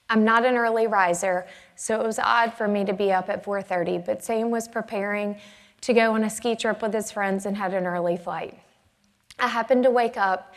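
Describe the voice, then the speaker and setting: A middle-aged woman from the American South gives an earnest, measured conference talk. Her voice has a gravelly edge of vocal fry. It carries with the long reverb of a big hall. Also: mid-range voice. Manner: earnest, measured, emotional retelling. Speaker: conference speaker. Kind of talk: personal storytelling talk. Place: conference stage in a large hall.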